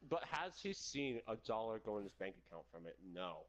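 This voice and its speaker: A man's voice: lowish voice, very animated, fairly quick. A man livestreaming a game, chatting casually with crude jokes and frequent laughter. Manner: crude, joking, laughs often. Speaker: livestreaming gamer. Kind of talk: casual gameplay chat.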